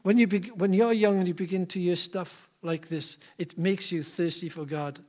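A man preaching a sermon, telling stories with animated delivery and frequent restarts. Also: sits high, normal speed. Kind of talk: sermon storytelling.

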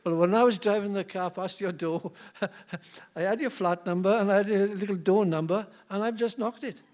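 Preacher doing an eager retired churchgoer. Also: male voice, high-pitched, moderate pace, darkish tone, close to an everyday voice. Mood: earnest.

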